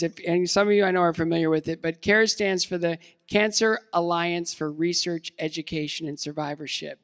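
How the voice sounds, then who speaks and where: A man's voice: a little high, fairly even intonation, fairly quick, few pauses, fairly bright tone, clear, resonant tone, a faint crowd. A man in his fifties from the United States giving a motivational keynote talk, casual and self-deprecating, with many fillers and restarts. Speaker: keynote speaker. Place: large event hall. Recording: long hall reverb.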